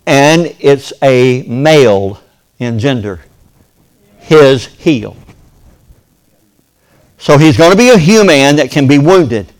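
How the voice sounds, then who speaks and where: A man with a drawl preaches with a folksy, joking ease. His voice sits at an ordinary middle pitch. He acts out little voices and sounds along the way and calls on the congregation for an amen. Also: expressive, takes it slowly, long pauses. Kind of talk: sermon.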